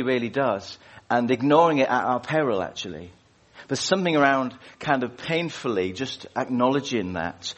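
Man preaching conversationally. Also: medium pitch. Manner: informal, conversational, asks the congregation questions. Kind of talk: prayer and sermon. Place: church service.

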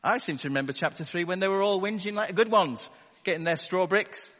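A man's voice: high-pitched, fairly quick, a bit bright. Wry, chatty male preacher in a reverberant hall. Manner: conversational and wry, asks the congregation rhetorical questions. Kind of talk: sermon. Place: church hall with a live congregation. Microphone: wireless battery microphone. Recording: long reverb of a large hall.

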